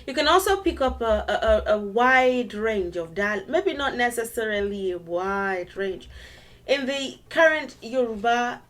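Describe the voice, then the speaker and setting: Unhurried woman teaching a language lesson. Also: on the high side, animated, fairly bright tone. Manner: explains patiently, repeats steps and sings a little memory song. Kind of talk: casual video lesson.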